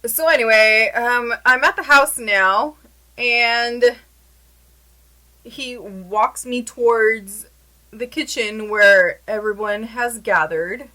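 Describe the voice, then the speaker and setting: A young woman talks straight into her camera in a loose, storytime style, full of "like" and quick asides. Her voice is bright and a little sharp. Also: fairly high pitch, poor audio. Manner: chatty, animated, lots of "like" fillers. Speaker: vlogger telling a story. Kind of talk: casual storytime chat.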